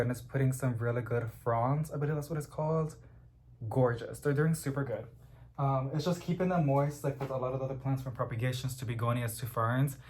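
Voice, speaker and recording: A young man talks at home in a loose, rambling way, and his excitement keeps bubbling up. His voice sits at an ordinary middle pitch. A faint hum of room noise sits behind him. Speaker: plant vlogger. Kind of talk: casual unboxing chat.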